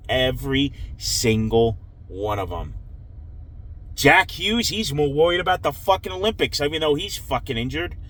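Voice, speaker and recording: A man's voice: on the high side, a bit bright, rough recording. Frustrated New man ranting. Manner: frustrated, swearing, dejected. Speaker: hockey fan vlogger. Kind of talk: angry post-game rant.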